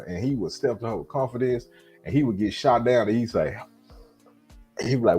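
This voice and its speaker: Animated husky man telling stories. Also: mid-range voice, fairly quick, long pauses, faint music behind. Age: middle-aged. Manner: animated storyteller, acts out quotes. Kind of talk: casual storytelling chat.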